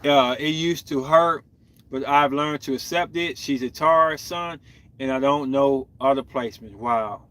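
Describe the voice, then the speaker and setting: A male podcast host reacts to viewer comments in a casual, blunt chat full of slang and animated outbursts. His voice is mid-range and his pace unhurried.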